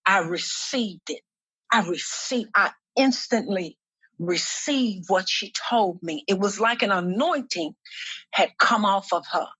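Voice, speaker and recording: A woman minister and activist sharing her personal testimony in a podcast interview, speaking earnestly and slowly, often repeating herself as she gathers her thoughts. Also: medium pitch, a bit bright, slightly rough, dry recording.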